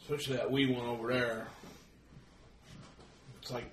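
A man speaking in character during a tabletop game in a gruff, plain-spoken, folksy way. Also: medium pitch, flat delivery, normal speed, far from the mic. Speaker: player. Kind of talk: in-character tabletop role-play. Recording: echoey room, away from the mic, background noise.

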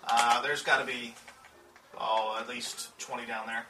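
A man narrating as game master at a tabletop game, describing scenes haltingly, with many restarts. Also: mid-range voice, level tone, music in the background. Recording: roomy, distant mic, background hum.

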